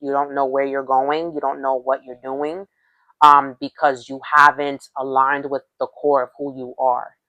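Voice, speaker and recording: A woman's voice: very deep voice, level tone, normal speed, sharp tone, no room sound, highs cut off. A woman with a Spanish accent giving a casual tarot reading to her viewers, rambling and often restarting her phrases. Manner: rambling, repeats and restarts phrases, frequent "okay?". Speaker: tarot reader.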